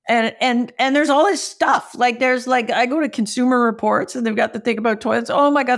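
A woman's voice: sits high, creaky. A woman telling a funny story in a casual talk, acting out the dialogue and swearing now and then, with an audience laughing along. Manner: animated, acts out dialogue in exaggerated voices; casual and profane, frequent "like". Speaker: marketing speaker.

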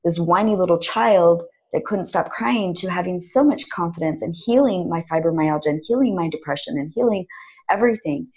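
A woman guest on a conversational show, telling a personal story in an animated, dramatic way and acting out what people said. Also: on the low side, a little fast, breathy edge, muffled recording. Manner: animated, dramatic retelling with acted-out quotes. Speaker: podcast guest.

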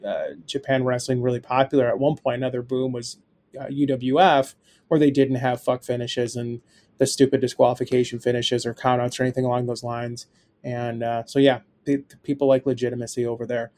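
A young adult man co-hosting a podcast, chatting casually and telling animated, profane stories. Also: medium pitch, brisk. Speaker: podcast co-host.

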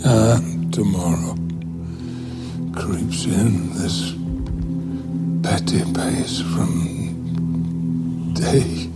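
An actor playing a grieving, weary older king in a Shakespearean soliloquy, half-whispered and very slow, from a film clip with loud music behind. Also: low-pitched. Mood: despairing.

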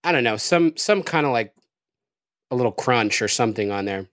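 A man's voice: medium pitch, brisk, no echo. Rambling man with dry close sound. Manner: relaxed, rambling with many fillers. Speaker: guest. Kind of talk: casual podcast chat.

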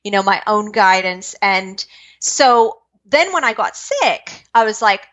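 A woman from British Columbia, Canada, a spiritual medium, telling her life story in an interview, quick-moving and acting out her own past thoughts. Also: medium pitch, fairly bright tone. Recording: dull lo-fi recording.

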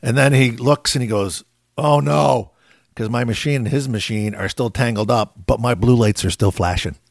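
A man's voice: medium pitch, normal speed, creaky, no room sound, clean studio sound. A middle-aged man, a game warden, casually telling a story and acting out what people said. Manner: laid-back storyteller acting out quotes.

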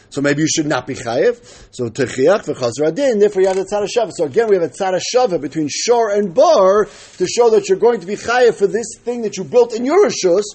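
Husky man teaching Talmud, lively pitch. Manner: explains step by step, asks and answers his own questions. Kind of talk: daily Talmud class.

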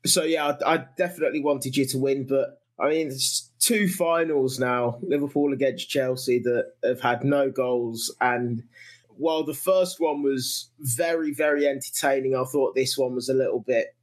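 Measured male podcast guest. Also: medium pitch. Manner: hesitant, measured. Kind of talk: casual chat.

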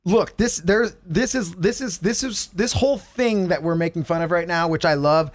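A man co-hosting a comedy podcast, talking in an animated, swearing rant and mimicking radio voices. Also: high-pitched, moderate pace, dry recording. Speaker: podcast co-host. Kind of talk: casual comedy chat.

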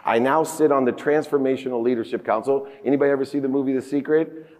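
A man's voice: medium pitch, steady tone, quick pace, darkish tone. A man giving a motivational keynote on a conference stage, telling stories emphatically and acting out dialogue with rising outbursts. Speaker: keynote speaker. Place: large conference hall stage. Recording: long reverb of a conference hall.

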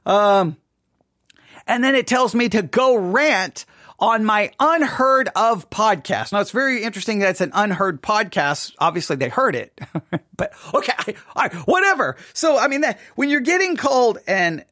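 A man hosting his own podcast, telling a story in an animated, self-mocking way. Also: high voice, normal speed, no room sound, studio quality. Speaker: podcast host. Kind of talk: casual monologue. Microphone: studio mic.

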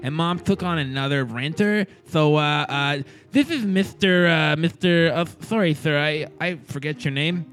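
A man voicing a young male student who still lives at home, halting and hesitant, turning snippy when pushed, in a played tabletop game. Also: on the high side, a bit bright, pitched above the performer's own voice, lightly acted.

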